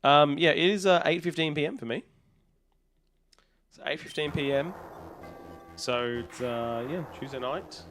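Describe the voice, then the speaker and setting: A man's voice: a little high, a little slow, long pauses, fairly bright tone, faint music behind. A young Australian man chatting casually on a live stream, rambling and a bit tired, with some yawning. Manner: rambling, chatty, talks to chat while resetting a game.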